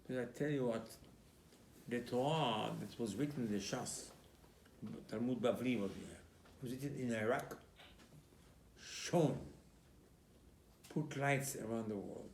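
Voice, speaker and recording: A man's voice: medium pitch, a little slow, pauses often, darkish tone, a little hiss or hum. A man giving a sermon as a rabbi, telling the story emphatically and acting out exchanges between biblical figures. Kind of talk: Purim sermon. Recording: echoey room.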